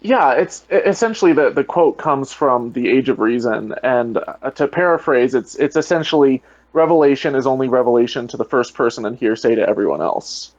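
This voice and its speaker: A man's voice: medium pitch, animated, fairly quick, dry recording. Rambling man on a dull dry call. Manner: rambling, heavy on "you know" fillers. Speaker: guest, atheist video creator. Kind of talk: casual online debate chat.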